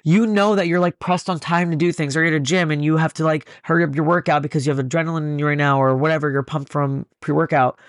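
A young man hosting a casual podcast chat, talking fast and jokily. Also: fairly high pitch, dry recording, clean studio sound. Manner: fast-talking, animated, jokey. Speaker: podcast host.

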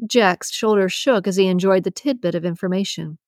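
A woman narrating a romance audiobook in a steady, even storytelling manner. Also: mid-range voice, a little fast, no room sound, clean studio sound. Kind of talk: scripted narration.

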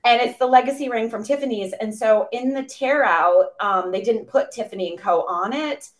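A woman in her forties from the Boston area, a coach telling stories as a podcast guest in a gushing, excitable way with lots of fillers. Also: fairly high pitch, moderate pace. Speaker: interview guest, women's coach. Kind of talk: animated storytelling in a podcast interview.

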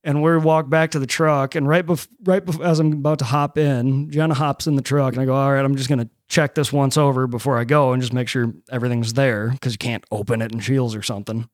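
A man from Nebraska telling a story on a casual podcast, profane and animated as he acts out what people said. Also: mid-range voice, fairly quick, few pauses, dry recording, clean studio sound. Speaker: podcast host.

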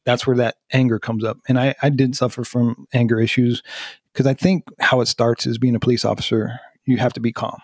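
Husky-voiced man telling family stories. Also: mid-range voice, level tone, a little fast, no room sound, clean studio sound. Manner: earnest, self-deprecating, laughs through stories. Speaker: podcast co-host. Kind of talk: candid personal storytelling.

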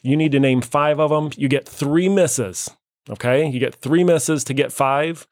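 A man's voice: on the high side, unhurried, no room sound, clean studio sound. A man hosting a casual talk show, playfully quizzing and teasing his co-hosts. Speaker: host. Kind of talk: casual chat.

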